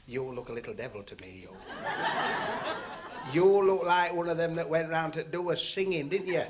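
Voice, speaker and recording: A man's voice: a little high, lively intonation, moderate pace. A man doing club stand-up comedy, chatting and teasing the audience and laughing at his own jokes. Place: working men's club stage on TV. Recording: noisy 1970s TV recording, laughing club crowd.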